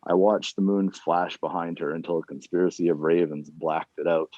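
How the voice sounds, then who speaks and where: A man reading his own fiction aloud at an online reading series, plain and unhurried, with casual asides between chapters. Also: deep voice, little pitch movement, dark tone, dry recording. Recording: dull, dry lo-fi sound.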